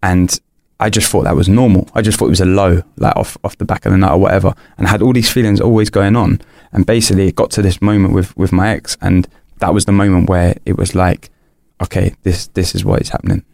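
A man's voice: low voice, steady tone, quick pace, creaky, a little mellow, no echo, clean studio sound. A young man, a podcast guest, candidly telling a personal story in an earnest, rambling way, full of restarts and fillers.

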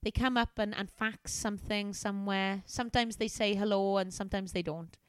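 A woman voicing a lonely young office temp in a comic reading of a novel, with a soft, plaintive delivery. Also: medium pitch, fairly even intonation, normal speed, clean tone, dry recording, natural voice. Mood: wistful. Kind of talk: comedic reading aloud of a novel.

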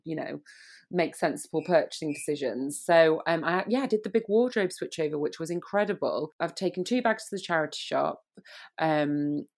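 A woman's voice: low-pitched, darkish tone. A woman co-hosting a podcast in casual, teasing chat, rambling with lots of fillers. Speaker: podcast co-host.

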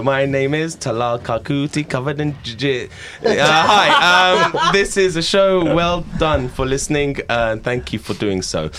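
A man's voice: on the high side, animated, unhurried, hardly any pauses, background noise. A man hosting a casual improv comedy radio show in a studio, talking in a loose, rambling way with many restarts. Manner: rambling, loose, self-interrupting. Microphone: handheld studio mic.

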